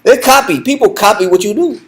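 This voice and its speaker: Animated man teaching a Bible study. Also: high-pitched, fairly quick, breathy edge, poor audio. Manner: animated, repetitive, laughs often. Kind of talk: conversational teaching.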